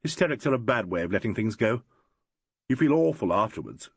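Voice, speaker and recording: A man reading an audiobook voices a calm detective in a slightly lower, steady, matter-of-fact way with dry humour. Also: fairly quick, husky, no echo, exaggerated voice. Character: calm, dryly humorous male detective.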